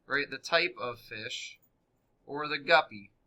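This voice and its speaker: Bright-voiced man teaching a class. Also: mid-range voice, slow. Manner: questioning students, upbeat and coaxing. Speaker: middle school math teacher. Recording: echoey classroom from far off.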